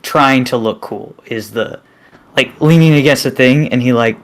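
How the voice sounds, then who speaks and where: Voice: mid-range voice, moderate pace. A player in a tabletop game, joking and laughing through casual role-play banter.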